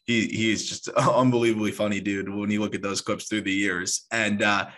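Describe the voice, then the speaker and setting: A man's voice: on the low side, little pitch movement, fairly quick, a bit bright. A man hosting a podcast, chatting casually, laughing easily and quizzing his guest. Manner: laughs easily, asks quiz questions. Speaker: podcast host.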